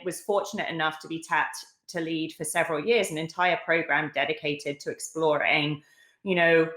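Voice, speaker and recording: A woman's voice: low-pitched, fairly bright tone, roomy sound. A middle-aged woman from London with a British accent, speaking as a guest on a video call, articulate with many fillers. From London, England. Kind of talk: casual interview talk.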